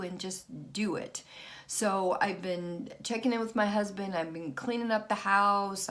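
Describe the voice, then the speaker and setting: A woman's voice: medium pitch, fairly bright tone. A middle-aged woman vlogging casually, frazzled and frustrated, stopping and restarting her sentences. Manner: frazzled, halting, many restarts. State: worn out and frustrated. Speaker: vlogger and author. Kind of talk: casual personal vlog.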